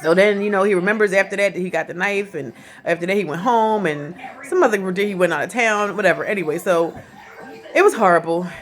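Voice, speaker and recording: A woman in her forties talking in a casual commentary vlog, animated and chatty, often laughing as she speaks. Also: medium pitch, fairly quick. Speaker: vlogger.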